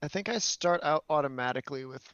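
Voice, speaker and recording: A man's voice: on the high side, fast talker, fairly bright tone, smooth, no room sound, lo-fi sound. A man playing in a tabletop game, talking hesitantly while sorting things out. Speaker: player. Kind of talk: casual tabletop play chat.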